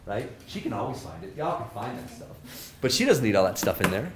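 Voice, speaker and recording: Middle-aged male lecturer, lively and joking, plays out voices in his anecdotes; average pitch, roomy hall with faint noise. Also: fairly quick. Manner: animated, joking, acts out quoted people. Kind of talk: energetic lecture to students.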